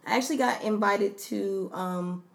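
A woman's voice: medium pitch, normal speed, gravelly. Young woman cohost, chatty, laughs easy, telling weekend stories. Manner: chatty, storytelling, laughs easily. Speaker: podcast co-host. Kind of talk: casual chat.

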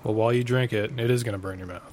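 A man's voice: fairly low pitch, fairly even intonation, rapid-fire, darkish tone, slight background noise. A man co-hosting a casual podcast, making dry wisecracks in loose banter. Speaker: podcast co-host.

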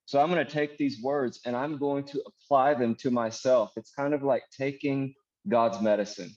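Earnest guy teaching devotional bible reading, slows way down on verses, dull audio. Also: mid-range voice, fairly even intonation, darkish tone. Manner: earnest, slows to read verses aloud as prayer. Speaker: minister.

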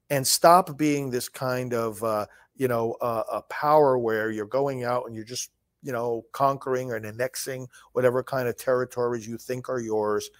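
A man hosting a solo political commentary show, reading from a speech and discussing it emphatically, often repeating words and restarting phrases. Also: mid-range voice. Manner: reads quoted lines slowly and forcefully.

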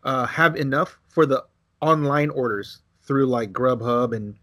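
A man co-hosting a podcast, telling a casual story, acting out quotes with big jumps in his voice and swearing freely. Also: a little slow. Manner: animated, acts out quotes with big pitch jumps. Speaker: podcast co-host.

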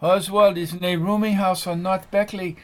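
A man doing a high, earnest loyal sidekick. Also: flat delivery, normal speed, natural voice.

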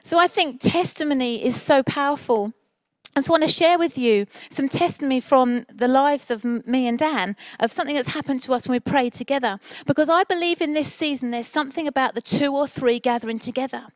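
A woman's voice: sits high, a little fast, dry recording. A middle-aged woman preaching a sermon, telling a family story with earnest, encouraging passion.

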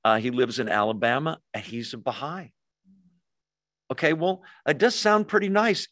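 A man preaching a sermon with an easy, conversational delivery, checking in with his listeners through frequent questions. His voice sits at an ordinary pitch. The sound is dry and close, with no room echo. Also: moderate pace, a bit bright. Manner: conversational, asks the audience questions. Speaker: pastor.

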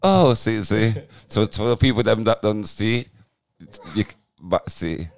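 A man's voice: on the low side, measured pace, vocal fry. A man, co-hosting a podcast in teasing, slangy banter. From UK, Jamaican heritage. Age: 40s. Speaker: podcast co-host. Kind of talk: casual banter.

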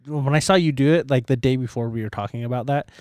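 A man's voice: medium pitch, quick pace, a little mellow, no echo, clean studio sound. A man co-hosting a podcast, joking and teasing his co-host in casual chat. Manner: teasing, joking, laughs a lot.

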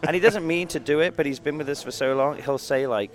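A man's voice: fairly high pitch, fast talker. A man with an English accent, a touring band musician, chatting as a guest and telling crude, joking road stories. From England. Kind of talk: casual chat.

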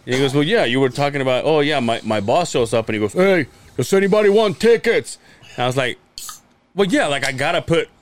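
A man's voice: mid-range voice, fast, slight background noise. A man co-hosting a podcast, telling casual profane stories and mimicking coworkers' voices. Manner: profane storyteller, acts out others' voices. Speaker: podcast co-host.

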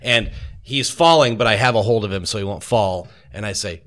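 A man's voice: lowish voice, fairly quick, a bit bright. A man at a tabletop game plainly describing what his character does. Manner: casual, matter-of-fact. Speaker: player.

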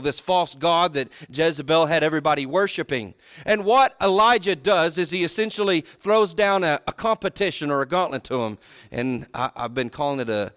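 Folksy high-voiced male preacher. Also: no echo, clean studio sound. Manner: folksy, swings from loud and high to low and quiet. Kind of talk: sermon storytelling.

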